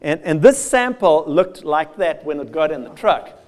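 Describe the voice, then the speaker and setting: A man giving a lively, conversational field day presentation with slides, addressing farmers directly and joking at his own expense. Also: fairly high pitch, moderate pace. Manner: lively with self-deprecating asides. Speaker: soil health speaker.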